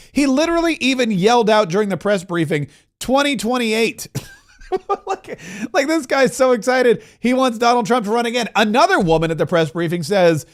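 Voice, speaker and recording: High-voiced sarcastic male political host. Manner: sarcastic, mocking asides and quips; loose, restarts mid-sentence. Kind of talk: opinionated political commentary.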